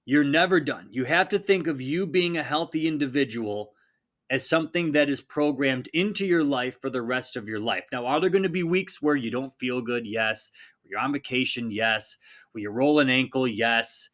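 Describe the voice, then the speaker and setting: A man in his thirties talks on his fitness podcast in a loose, energetic way, and he often says phrases twice to drive the point home. His voice sits at an ordinary middle pitch for a man. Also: moderate pace. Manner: energetic, conversational, repeats phrases for emphasis. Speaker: podcast host, fitness coach. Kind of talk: casual motivational talk.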